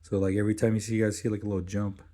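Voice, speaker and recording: Chill low-voiced caulking guy cussing casually while he works, mellow tone, smart-glasses mic. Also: flat delivery, racing. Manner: laid-back, swears often, talks while working. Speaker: caulking tradesman. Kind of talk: casual work vlog narration.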